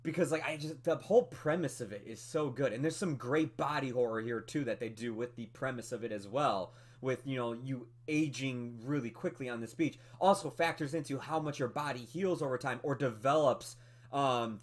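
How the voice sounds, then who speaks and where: A man co-hosting a movie podcast, talking through a film review in a casual, animated way with lots of fillers and laughs. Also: mid-range voice, moderate pace. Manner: animated, chatty, many fillers, laughs often.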